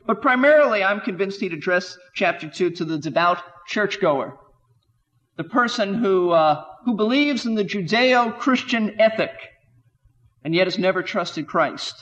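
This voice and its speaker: Emphatic high-voiced male Bible teacher. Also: lively intonation, a little slow, a bit bright, in a large hall, muffled recording. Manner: emphatic, rhetorical questions, quotes scripture with rising voice.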